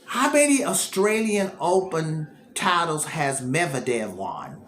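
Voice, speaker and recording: A man hosts casual tennis commentary, thinking out loud and circling back on his own words. His pitch rises and falls a lot. The room is echoey and carries a faint background hiss. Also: slow pace. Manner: animated, repeats words, thinks aloud.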